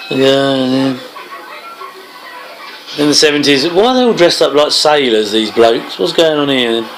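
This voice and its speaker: A man's voice: mid-range voice, lively intonation, measured pace, pauses often, a bit bright, a little hiss or hum, low-quality recording. Bloke chuckling through his movie commentary, wry little asides. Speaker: film commentator.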